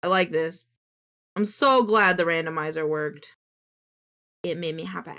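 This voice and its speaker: A woman's voice: low voice, normal speed, fairly bright tone. A woman VTuber streamer in casual live-stream chat, chatty and swearing freely as she coos at her cat.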